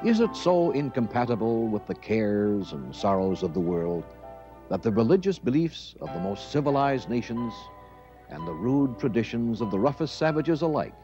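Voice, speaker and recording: A man's voice: fairly low pitch, vocal fry, dark tone. Solemn male TV anchor on old tape. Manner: solemn, measured recitation. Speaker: TV news anchor presenting a special. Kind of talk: formal read of a Dickens passage. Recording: dull lo-fi 1970s TV tape with faint music.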